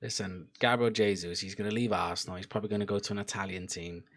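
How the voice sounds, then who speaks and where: A young man chatting casually during a live football watchalong, laughing and bursting out loudly at chances. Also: fairly low pitch, fast talker. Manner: excitable, laughing, loud outbursts at chances. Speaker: football fan streamer.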